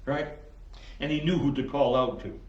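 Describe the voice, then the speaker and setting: A man's voice: mid-range voice, moderate pace, darkish tone, echoey room, distant mic, dull audio. A man preaching a casual sermon as pastor, with many fillers and quotes he acts out. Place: church sanctuary.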